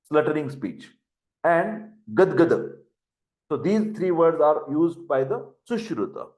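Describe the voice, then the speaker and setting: A man's voice: fairly high pitch, a little mellow. An older man with an Indian English accent, giving a lecture, who repeats terms and spells words out for dictation. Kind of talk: classroom lecture. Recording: echoey room.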